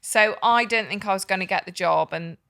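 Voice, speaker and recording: A woman's voice: medium pitch, brisk, a bit bright, clear, resonant tone, no room sound, studio quality. A young woman from Hereford, England, a tattoo artist chatting as a podcast guest, telling stories with lots of fillers. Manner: chatty storyteller, fillers and laughs. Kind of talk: casual chat.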